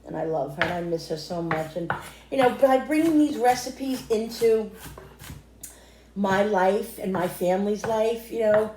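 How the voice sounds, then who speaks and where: A woman's voice: medium pitch, measured pace, a little mellow, a little hiss or hum. Chatty woman in an echoey kitchen. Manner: rambling, emotional storytelling, addresses viewers as guys. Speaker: cooking vlogger. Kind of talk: chatty cooking vlog. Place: home kitchen.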